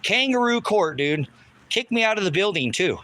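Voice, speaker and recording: Agitated swearing man, bright voice. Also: high-pitched, very animated, moderate pace, no echo. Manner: heavy swearing, repetitive and agitated. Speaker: livestreamer. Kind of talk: angry live-stream rant.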